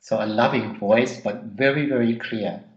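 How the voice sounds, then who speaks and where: A man leading a personal growth workshop, speaking haltingly with repeated words and frequent ums. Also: lowish voice, dull audio. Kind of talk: live workshop teaching. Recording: echoey room.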